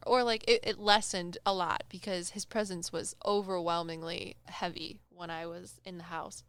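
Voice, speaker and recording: A young woman casually telling a personal story on a podcast, animated and acting out the people she quotes. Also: lowish voice, moderate pace, hardly any pauses, smooth, dry recording. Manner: animated, acts out quoted voices, laughs often. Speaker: medium telling stories on a podcast.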